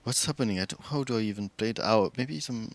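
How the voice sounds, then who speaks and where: A man's voice: lowish voice, fast. A man streaming a game, chatting casually with viewers and thinking aloud about his moves, often restarting his sentences. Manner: rambling, many restarts, chats with viewers while thinking aloud. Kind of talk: casual stream chat while playing.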